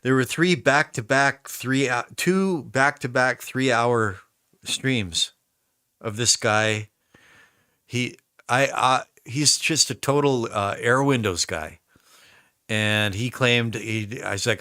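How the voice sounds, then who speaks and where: A man's voice: medium pitch, slow pace, bright, forceful tone, smooth, dry recording, studio quality. An American man chatting casually on a live stream, rambling through stories with lots of restarts. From United States. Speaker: musician streaming a recording session.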